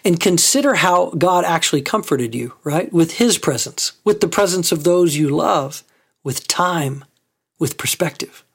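A man's voice: fairly high pitch, animated, a little slow, vocal fry, slightly rough. A man preaching a sermon as a pastor, conversational and full of rhetorical questions.

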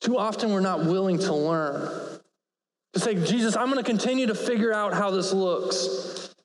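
High-voiced preacher man in an echoey hall. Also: normal speed. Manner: casual and earnest, piles up clauses with "and" and "like". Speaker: pastor. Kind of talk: sermon. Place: church hall. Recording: echoey hall with long reverb.

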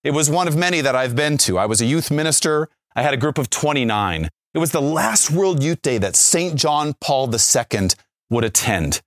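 Animated man telling a faith story. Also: on the high side, normal speed, dry recording, clean studio sound. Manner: animated storyteller, acts out quotes, frequent "right?". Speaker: Catholic speaker, former youth minister.

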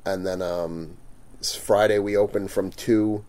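In a low, unhurried voice, a convention vendor casually relates an encounter he had with a customer. He gets animated acting out what was said, swears readily and laughs a lot along the way.

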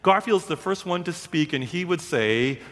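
A male preacher tells a story in an animated, dramatic way, circling back on repeated phrases. His voice is of middle pitch and carries a long hall reverb. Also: moderate pace. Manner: animated, dramatic, repetitive cadence. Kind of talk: sermon storytelling.

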